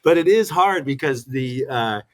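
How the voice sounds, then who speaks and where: The interview guest is a fifty-something man who was once a fighter and commentator. With a mid-range voice at a measured pace and no echo, he recounts stories with animation, acting out quotes and laughing frequently.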